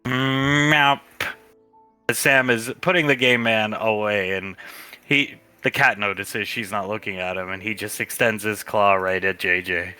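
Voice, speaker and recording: A man's voice: lowish voice, steady tone, moderate pace, sharp tone, soft background music. A man playing a tabletop role-play in a playful way, describing scenes and throwing in jokes. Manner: playful, tosses in joke ideas and cat noises. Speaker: tabletop game player.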